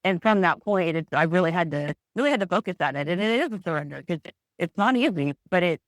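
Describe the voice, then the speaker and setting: A woman's voice: lowish voice, animated, fast talker, dry recording. Candid woman guest, dry sound. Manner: candid, reflective, frequent restarts. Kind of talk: podcast interview.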